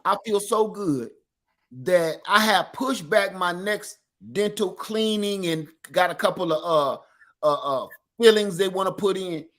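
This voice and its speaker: A middle-aged man with an East Texas accent, co-hosting a livestream and telling stories in animated, folksy casual chat. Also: sits high, a little slow. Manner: animated storyteller, folksy Southern talk. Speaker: livestream co-host.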